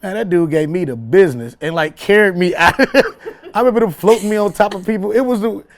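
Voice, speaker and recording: A man, a comedian telling a story in an interview, animated and laughing often as he acts out voices. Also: sits high, a little fast, creaky. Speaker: comedian guest.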